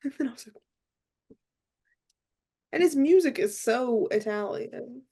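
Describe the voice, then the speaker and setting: Rambling deadpan young woman podcaster. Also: on the high side, slow pace, gravelly, husky. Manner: deadpan, rambling with many fillers. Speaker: podcast co-host. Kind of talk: casual chat.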